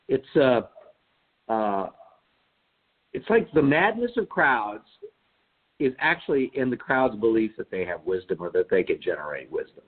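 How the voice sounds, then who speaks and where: A man's voice: medium pitch, very animated, a little slow, long pauses, husky. A man on a Bible study call-in who thinks aloud and often restarts his sentences. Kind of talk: reflective casual discussion. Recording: tinny phone line.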